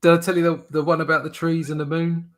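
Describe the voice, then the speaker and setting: British male host, casual rambling talker, bright forceful tone. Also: on the high side, little pitch movement, fast. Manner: rambling, lots of fillers and restarts. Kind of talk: casual chat.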